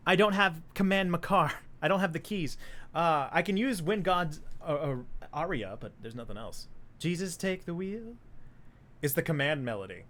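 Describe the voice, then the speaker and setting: A woman live-streaming a video game, chatting casually with viewers, swearing and laughing often. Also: fairly low pitch. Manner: excitable, laughs often, swears, reads chat aloud.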